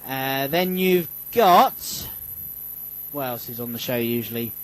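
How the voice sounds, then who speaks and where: Into a studio microphone, a man hosts a casual radio show, rambling with lots of fillers and restarts while joking at his own expense. His medium-pitched voice is animated, slow, and a bit bright, though the recording is rough.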